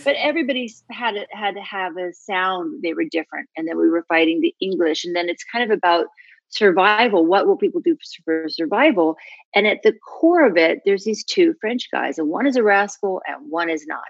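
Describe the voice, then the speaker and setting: A middle-aged American actress talking casually in an interview, animated, often laughing and trailing off into asides. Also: female voice, fairly low pitch, normal speed, vocal fry, dry recording, highs cut off. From United States. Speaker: actor guest.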